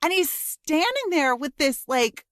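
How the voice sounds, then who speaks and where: A woman co-hosting a podcast, talking in loose, halting casual chat. Her voice sits on the higher side and she often stops to search for the right word, swearing now and then. The recording is dry and close, with no room sound. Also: big pitch swings, a bit bright, dry recording. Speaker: podcast co-host.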